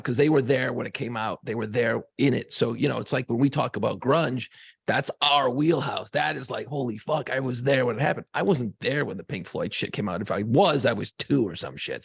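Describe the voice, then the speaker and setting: A man in his fifties co-hosting a podcast in casual chat, animated and joking, swearing freely. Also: medium pitch, brisk, gravelly, husky, no room sound, clean studio sound. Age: 50s. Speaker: podcast co-host.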